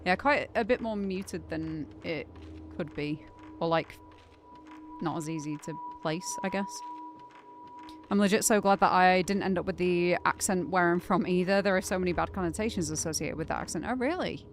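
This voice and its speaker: A woman's voice: lowish voice, moderate pace. A young woman from Northern England with a muted Northern accent, chatting casually while streaming a game, thinking aloud and laughing often. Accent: muted Northern English. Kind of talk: casual livestream gameplay chat. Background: game music.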